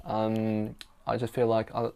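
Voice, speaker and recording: A man's voice: on the low side, monotone, measured pace, gravelly, slight background noise. A man from China, a native Mandarin speaker, telling a personal story in English in a chatty way, with many fillers like "you know" and "um". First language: Mandarin Chinese. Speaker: interpreter and storyteller. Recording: soft guitar music underneath.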